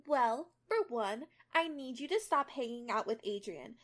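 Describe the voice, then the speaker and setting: A sly teenage bully with a high, sugary voice that turns cutting, drawing out each line, as a young woman puts her on. Read aloud casually from a fan story. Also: animated, unhurried. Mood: sneering.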